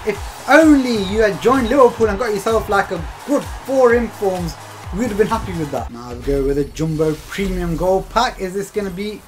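A man's voice: sits high, lively intonation, moderate pace, faint music behind. A young man giving casual commentary while opening game packs, chatty and exasperated, laughing through his disappointment. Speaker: gaming video host.

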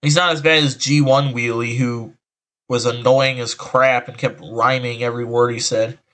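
A man who comments online reads an article out loud, sighing often and rambling in exasperation, with a voice changer altering his sound. His mid-range voice has a fairly even intonation, a fairly bright tone, and a moderate pace.

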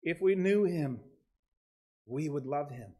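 A middle-aged pastor preaching to his church with an earnest, steady delivery. His voice sits a little high for a man, and he reads scripture aloud with care, with a hint of dry humor. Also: slow pace, slightly rough. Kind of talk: sermon.

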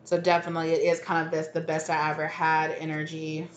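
A woman's voice: sits low, monotone, fast, muffled recording, a little hiss or hum. Chatty, frank woman reading tarot. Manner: chatty and frank, often laughing. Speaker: tarot reader. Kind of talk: casual pick-a-card tarot reading.

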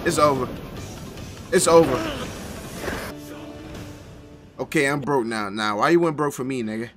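A man hosting a live reaction stream, excitable and profane, bantering with his chat. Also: mid-range voice, measured pace, over music.

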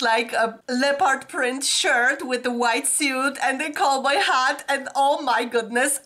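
A woman with a stuffy nose from a cold, chatting in a gushing, excitable, rambling way in a casual reaction vlog. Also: sits high. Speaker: music video reactor.

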